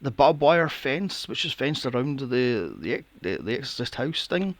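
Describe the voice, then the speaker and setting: A man hosting a podcast, recapping a film plot in a casual, animated way, swearing often and acting out his own reactions. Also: mid-range voice, normal speed, dry recording. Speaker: podcast host.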